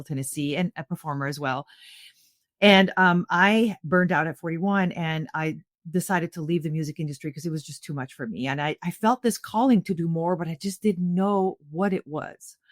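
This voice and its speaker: A middle-aged woman from Canada, a podcast guest telling a personal story in an earnest, animated way with frequent restarts. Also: low voice, no room sound, clean studio sound. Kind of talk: conversational storytelling.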